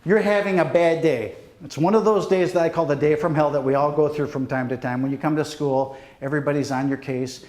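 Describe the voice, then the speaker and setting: A middle-aged man, a police deputy chief, giving a safety talk to students, telling dramatic stories straight to the audience. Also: on the high side. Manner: pleading, drops to near hush at the end. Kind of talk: motivational presentation to students. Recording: echoey hall.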